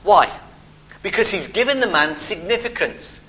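A middle-aged man preaching a sermon, expressive, with emphatic pauses and personal asides. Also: sits high, rough recording. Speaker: pastor.

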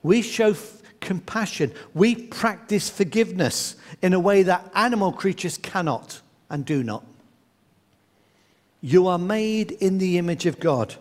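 A man's voice: high-pitched, lively intonation, a little slow. A man preaching a sermon in an earnest way, sometimes acting out the voices in his stories. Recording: long hall reverb.

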